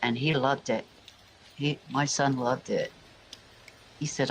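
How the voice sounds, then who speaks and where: A man's voice: medium pitch, steady tone, takes it slowly, slight background noise, low-quality recording. A man from England telling rambling family stories, full of restarts and asides. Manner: meandering, frequent restarts and asides. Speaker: vlogger. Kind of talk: rambling personal storytelling.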